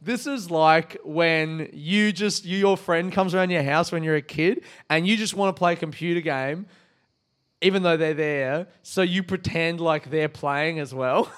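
A man's voice: fairly high pitch, fairly bright tone. A man chatting casually on his own podcast, swearing freely and poking fun at himself. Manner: chatty, swears a lot, self-mocking. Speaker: podcast host. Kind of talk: casual solo podcast chat.

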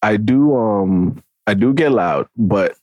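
A man's voice: on the low side, lively intonation, takes it slowly, darkish tone, dry recording, muffled recording. A man co-hosting a podcast in casual chat, blunt, teasing and profane. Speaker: podcast co-host. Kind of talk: casual explicit podcast banter.

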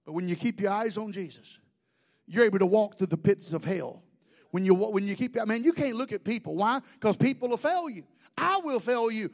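A pastor in his fifties with a very high voice preaches an animated sermon full of rhetorical questions.

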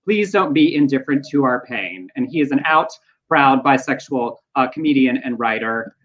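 A man's voice: mid-range voice, expressive. Chatty man on dull lo-fi audio. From Texas. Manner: chatty, breezy, quick asides. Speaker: podcast co-host. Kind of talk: casual news chat.

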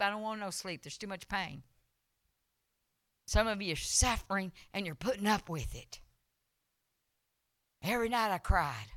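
A woman preaching a revival sermon, telling a personal testimony, swinging from soft storytelling to loud, emotional preaching. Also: on the high side, moderate pace, clear, resonant tone, dry recording, studio quality.

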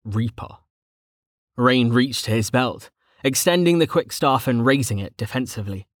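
A man reading a fantasy novel aloud as its narrator, in a steady, measured way on a close mic. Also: mid-range voice, no echo. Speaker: audiobook narrator. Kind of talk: scripted audiobook narration.

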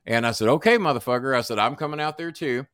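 A man's voice: medium pitch, fast, a bit bright, clean tone, no room sound. A man telling a long story as a podcast guest, swearing freely and acting out each person's lines. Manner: profane, acts out dialogue in voices. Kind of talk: animated storytelling.

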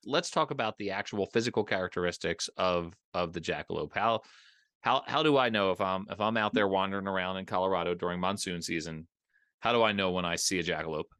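A man's voice: sits low, fast, a bit bright, dry recording, clean studio sound. A man hosting a casual podcast interview, joking around and often repeating words as he talks. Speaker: podcast host.

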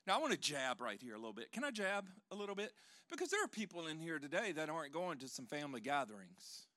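A high-pitched man preaching to his congregation with lively swings between loud proclaiming and quiet, intimate moments. His tone is bright and forceful, and he throws in joking asides. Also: quick pace. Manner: animated, swings from loud to hushed. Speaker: pastor. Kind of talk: sermon.

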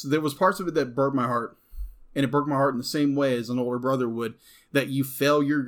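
Man, somewhat high-pitched, passionate, ranting, casual film review chat. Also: fairly bright tone. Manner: heated, ranting, voice swings up when angry. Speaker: co-host.

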